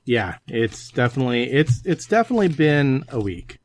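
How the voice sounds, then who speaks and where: A man's voice: mid-range voice, sing-song, normal speed, a little hiss or hum. A man hosting a casual hobby podcast, joking and swearing freely between laughs. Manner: joking, profane, laughs often. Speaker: podcast host.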